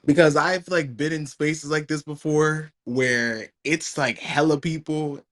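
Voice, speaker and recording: A man's voice: fairly high pitch, steady tone, measured pace, a bit bright. A young man calling in, talking casually and a little ramblingly. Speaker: caller.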